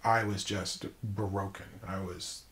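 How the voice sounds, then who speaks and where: A man, likely in his thirties or forties, telling a personal story as an interview guest, reflective and emphatic with pauses. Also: low-pitched, steady tone, fairly bright tone.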